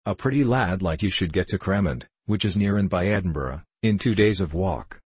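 A male narrator voices an elderly country minister from an old storybook, kindly but given to preaching. His delivery is measured and solemn, with old-fashioned phrasing. The tone sits low and slightly husky in a dry, close recording. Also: animated, darkish tone, no echo. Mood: earnest counsel.

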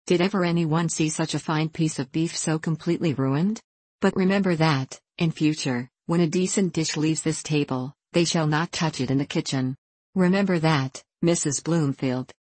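A querulous gentleman in his thirties grumbles dolefully over every dish, voiced by an audiobook reader. His fussy complaints come through in a dry, close sound. The tone stays steady and even. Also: medium pitch, normal speed, dry recording, natural voice. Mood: complaining.

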